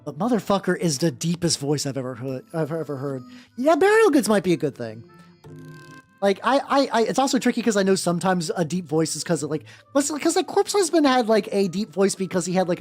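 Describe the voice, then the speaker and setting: A man with a naturally high voice chatting casually on a livestream while painting miniatures, rambling and swearing freely. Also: sing-song, moderate pace, soft background music. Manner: rambling, many fillers and restarts, swears freely.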